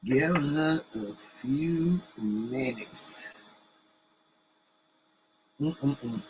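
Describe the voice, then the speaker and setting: A bright, tense-edged man's voice, pitched a little high. He is relaxed and chatty, greeting viewers and keeping a live stream going with colloquial small talk. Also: measured pace, a little hiss or hum, rough recording. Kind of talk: casual live-stream chat.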